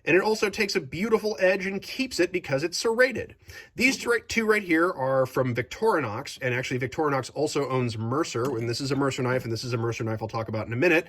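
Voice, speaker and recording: A young man casually reviewing his kitchen knives at home, animated and jokey, gushing over favorites and ranting about one he hates. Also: a little high, fast. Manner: enthusiastic, animated, jokey asides. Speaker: vlog host.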